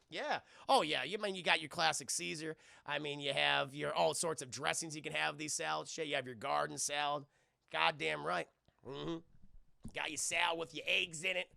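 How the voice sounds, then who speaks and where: Guy doing a sweary movie breakdown for his chat, super gravelly voice, bright and dry sounding. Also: on the high side, no echo. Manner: rambling, profane, acts out characters' lines. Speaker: streamer reviewing a film for chat. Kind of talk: casual profane movie recap.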